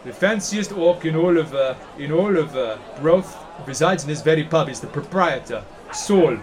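A man's voice: a little high, expressive, normal speed, some chatter behind, pitched above the performer's own voice, natural voice. A man voicing a friendly male giant tavern patron, with music behind. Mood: reassuring.

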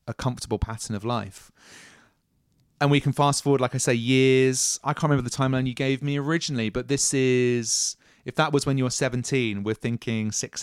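A man's voice: mid-range voice, clear, resonant tone, no echo, studio quality. A man narrating as game master, musing and hesitant, restarting his phrases and laughing often. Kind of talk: narrating a tabletop role-playing game.

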